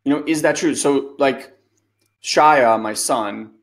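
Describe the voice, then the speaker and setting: Man, webinar host, life coach, loose conversational talk, filler-heavy, mid-pitched voice. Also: slow pace. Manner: loose, conversational, many fillers like "like" and "you know". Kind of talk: casual coaching talk answering a question.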